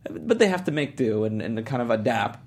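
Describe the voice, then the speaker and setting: Guy chatting on a podcast, mid pitch, gets animated and stumbles over his words. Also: brisk. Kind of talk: casual chat.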